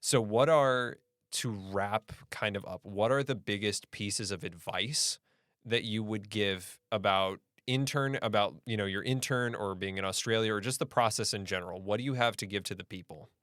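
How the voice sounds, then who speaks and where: A man in his twenties from the United States hosting a podcast, asking relaxed, rambling questions. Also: lowish voice, moderate pace, dry recording, clean studio sound. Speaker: podcast host. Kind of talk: casual interview chat.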